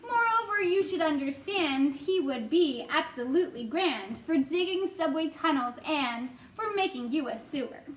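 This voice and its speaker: An earnest, polite young boy from a storybook , as a woman reading puts him on. He recites rhyming introductions with cheerful sincerity in a high, light voice. A roomy echo sits around him. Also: lively intonation, normal speed, few pauses.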